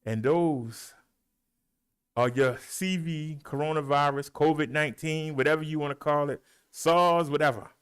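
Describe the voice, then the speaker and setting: A middle-aged man and show host, out of breath, reading out the day's figures in a folksy, animated way. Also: a little high, unhurried, clear, resonant tone. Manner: animated, rolls his R's, folksy drawl. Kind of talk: casual livestream talk, reading daily stats.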